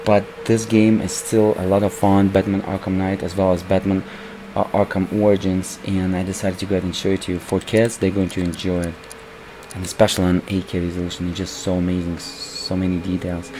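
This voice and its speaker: A man with a voice worn hoarse from recording, casually commenting over his gameplay as a PC gaming channel host and calling his viewers "guys". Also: low voice, little pitch movement, brisk, dark tone, a little hiss or hum, rough recording. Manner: keeps calling the viewers "guys", rambling with restarts.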